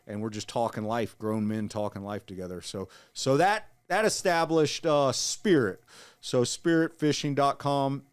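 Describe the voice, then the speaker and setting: A man in his forties telling his story in an interview, earnest and halting, with frequent restarts. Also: mid-range voice, clean tone. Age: 40s. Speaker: guest, Marine veteran.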